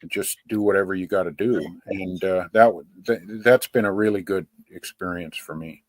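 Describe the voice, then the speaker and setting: A man's voice: sits low, normal speed, no echo. Dry-sounding man in his sixties, hammy. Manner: lively, self-described ham, teasing. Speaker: podcast co-host. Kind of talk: casual chat.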